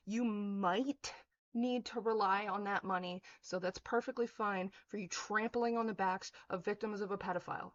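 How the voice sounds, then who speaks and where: A woman's voice: medium pitch, fairly even intonation, normal speed, muffled recording. Furious woman ranting with profanity. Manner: mocking quotes in a sneering voice. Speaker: vlogger. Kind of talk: angry rant to camera.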